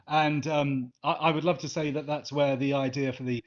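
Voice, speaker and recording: A man's voice: on the high side, little pitch movement, moderate pace. An Englishman talks through his answers in a loose, rambling way, stumbling over words and circling back to restart. The sound is dull and muffled, as over a video call. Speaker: interview guest, former assistant. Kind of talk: casual interview answers.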